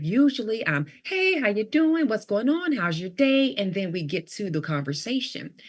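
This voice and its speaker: A woman's voice: on the low side, slightly rough. A middle-aged woman, a leadership coach, telling a story as a podcast guest and acting out the dialogue with animation. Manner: animated storyteller who acts out quoted dialogue.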